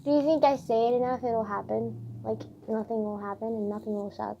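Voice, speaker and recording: A woman's voice: fairly high pitch, steady tone, a little fast, creaky, dark tone, slight background noise. A teenage girl vlogging casually, rambling with lots of "like" fillers and swearing as she vents about her day. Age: teens. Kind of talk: casual diary vlog. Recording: dull lo-fi recording.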